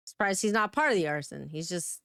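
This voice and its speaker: A woman streamer reacting to a video with expressive, blunt, laughing asides. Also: fairly low pitch, fairly quick, creaky, smooth, no echo, studio quality. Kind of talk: casual reaction commentary.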